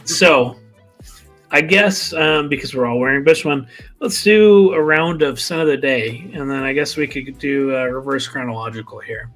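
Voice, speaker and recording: A man co-hosting a live stream, chatting casually with quick self-deprecating asides. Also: mid-range voice, fairly bright tone, faint music behind. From United States. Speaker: co-host of a fragrance live stream. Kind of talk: casual chat.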